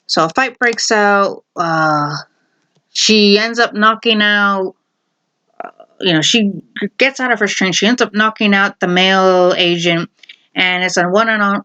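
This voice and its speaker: A woman casually retelling a half-remembered TV episode, rambling with many fillers and quick acted quotes. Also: mid-range voice, fairly bright tone. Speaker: video host.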